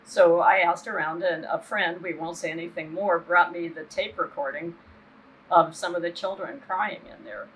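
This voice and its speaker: A woman's voice: fairly low pitch, steady tone, normal speed, fairly bright tone, a little hiss or hum, low-quality recording. An older woman giving an impassioned interview as a human rights activist, earnest and indignant, often checking in with "right?".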